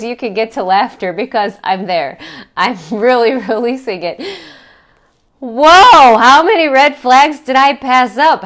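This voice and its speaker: A middle-aged woman who works as a self-help coach speaks in a slightly high, somewhat bright voice. In a candid vlog, she talks frankly and reflectively about her own struggles, swearing casually.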